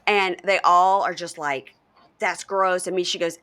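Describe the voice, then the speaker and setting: A woman in casual podcast chat, recapping a reality show with animated storytelling and acting out quoted lines in voices. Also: fairly low pitch, a little slow. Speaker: podcast co-host.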